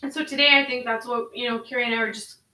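Bright earnest woman praying in an echoey room. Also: fairly high pitch, steady tone, fast talker, far from the mic, a little hiss or hum. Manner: earnest, prayerful, repeats phrases. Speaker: podcast co-host. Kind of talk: spoken prayer and devotional talk.

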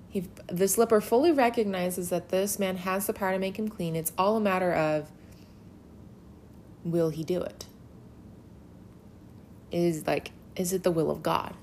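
A woman's voice: medium pitch, unhurried, pauses often, darkish tone, a little hiss or hum. A woman giving a casual Bible lesson. She talks in a conversational, emphatic way and leans on filler words. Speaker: Bible teacher.

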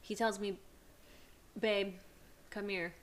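A young woman talks through a casual podcast chat, animated and dramatic as she retells stories, dropping swear words without a second thought. Her voice sits at a middle pitch, with a faint hiss of noise under the recording. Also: slow pace. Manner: chatty storyteller, swears freely, dramatic retelling. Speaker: podcast co-host.

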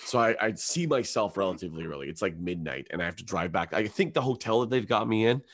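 Swearing, animated male comedian telling a story. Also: low voice, fast, no room sound, clean studio sound. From Canada. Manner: animated, acts out other people's lines in raised voices, swears often. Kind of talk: casual storytelling anecdote.

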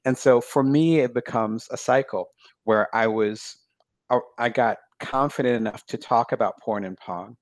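A man speaks in a relaxed, reflective way about his work as an author, often pausing on fillers. His voice sits on the low side, and the sound is dry and close with no room echo. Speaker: author, guest. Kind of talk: casual conversation.

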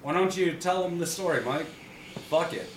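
A man's voice: a little high, normal speed. A man co-hosting a casual comedy podcast, trading crude, mock-sassy banter. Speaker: podcast co-host. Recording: echoey room with clear background noise.

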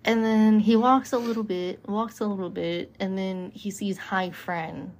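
A woman's voice: mid-range voice, steady tone, a little slow, darkish tone. Casual woman recapping a horror film. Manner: laid-back storytelling, swears casually. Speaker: podcast co-host. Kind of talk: casual movie recap chat.

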